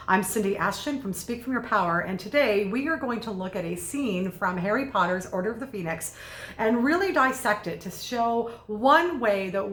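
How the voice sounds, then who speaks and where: Energetic woman coach in an echoey room. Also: mid-range voice. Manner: energetic, conversational, quick bursts. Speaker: communication coach. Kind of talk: video lesson commentary.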